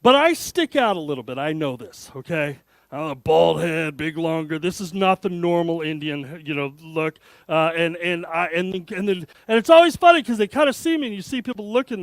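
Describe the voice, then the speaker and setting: Animated man telling a funny story. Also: a little high, brisk, no echo. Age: 50s. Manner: animated, self-deprecating, joking. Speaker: guest speaker. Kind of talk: humorous storytelling talk to an audience.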